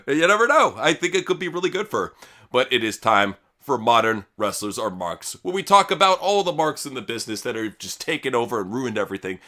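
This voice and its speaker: A man's voice: medium pitch, sing-song, fairly quick, sharp tone. A man hosting a casual wrestling news podcast, crude and mocking, laughing often. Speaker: podcast host.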